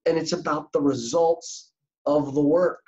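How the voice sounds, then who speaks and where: A man's voice: a little high, steady tone, a little slow, darkish tone, muffled recording, faint music behind. A middle-aged man speaking as a guest career coach in a podcast interview, with an earnest, emphatic storytelling manner.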